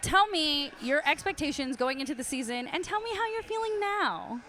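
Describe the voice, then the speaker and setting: A woman's voice: sits high, expressive, normal speed, pushed and bright. A woman co-hosting a casual podcast chat, bold, profane and teasing. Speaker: podcast co-host.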